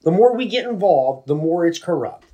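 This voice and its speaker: A man's voice: high-pitched, big pitch swings, moderate pace, mellow, rough recording. A man in a casual religious discussion who argues insistently, restarting his sentences as he pushes his point. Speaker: panelist in a faith discussion.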